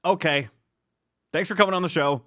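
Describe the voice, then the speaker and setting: A man's voice: a little high, moderate pace, fairly bright tone, dry recording, clean studio sound. A man co-hosting a podcast, chatting casually and teasing in a mock-judgmental way. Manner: joking, mock-judgmental banter. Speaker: podcast co-host. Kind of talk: casual comedic chat.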